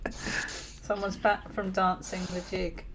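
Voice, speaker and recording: A woman's voice: medium pitch, moderate pace, slight background noise, poor audio. A woman co-hosting a casual live-stream chat, relaying viewer questions in a chatty manner and laughing often. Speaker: co-host, moderator.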